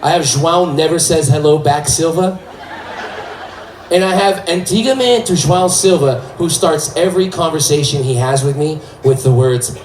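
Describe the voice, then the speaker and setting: A man from California doing stand-up on a hall stage, loudly working the crowd and shouting punchlines. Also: fairly high pitch. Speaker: stand-up comedian. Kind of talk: stand-up comedy. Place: stage in a hall, live audience. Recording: echoey hall, mic at distance, crowd noise.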